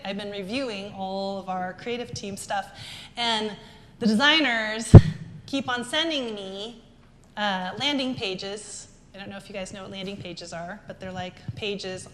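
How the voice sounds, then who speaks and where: A woman giving an animated, emphatic business talk to a live audience, acting out quoted remarks as she goes. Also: mid-range voice, slight background noise. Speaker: business speaker. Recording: echoey hall with faint ambience.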